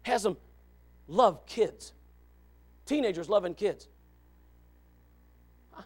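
A man preaching a sermon, moving from quiet asides to shouted exclamations and reading scripture aloud. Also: high voice, expressive, slow pace, long pauses. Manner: reads scripture in old-fashioned wording. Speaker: pastor. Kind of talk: fiery sermon.

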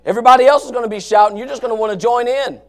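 A man preaching a fiery sermon, swinging from low murmurs to shouted passages in a folksy, emphatic way. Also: rapid-fire. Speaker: pastor.

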